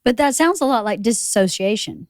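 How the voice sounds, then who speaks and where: Curious woman with a smooth voice. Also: medium pitch, very animated, fairly quick, no echo, clean studio sound. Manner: curious, direct questioning. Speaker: co-host. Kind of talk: casual podcast chat.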